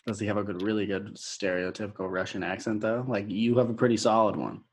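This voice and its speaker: A man co-hosting a podcast over a video call, talking loosely with quick exclamations and the odd swear. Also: on the low side, steady tone, a little hiss or hum. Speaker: podcast co-host.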